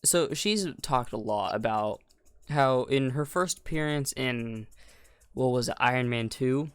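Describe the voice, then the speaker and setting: A young man talks loosely on a podcast, full of restarts and slang, and gets animated when something strikes him as absurd. His voice cracks now and then. The sound is close and dry, with no room around it. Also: mid-range voice, a little slow, clean tone, no room sound. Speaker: podcast co-host. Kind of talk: casual chat.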